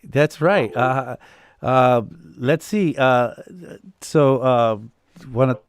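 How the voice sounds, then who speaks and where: A man's voice: medium pitch, extremely slow, clear, resonant tone, dry recording, studio quality. A man hosting a live music production Q&A over a video call, rambling with many fillers and restarts. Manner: rambling, full of fillers and restarts, laughs easily. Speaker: host.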